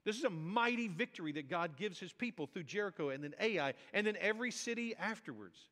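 A man preaching a sermon as a pastor in a conversational, animated way, often acting out quoted voices. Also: high voice, brisk. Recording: reverberant hall.

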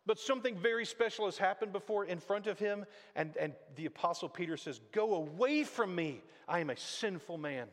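Male pastor, fairly high voice, casual sermon delivery, hall reverb. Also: fairly bright tone. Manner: conversational preaching with acted-out quotes. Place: church sanctuary.

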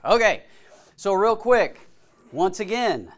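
A man leads a casual Bible study. His voice sits a little high and has a gravelly edge. He keeps turning to the group with questions. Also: expressive, normal speed. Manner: asks the group questions, informal. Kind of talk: conversational Bible class teaching.

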